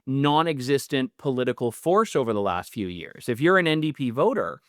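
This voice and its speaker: Earnest man with a smooth voice. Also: medium pitch, animated, moderate pace, fairly bright tone, dry recording, studio quality. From Canada. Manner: earnest, with many restarts and fillers. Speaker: political guest, newly elected MP. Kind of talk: interview answers.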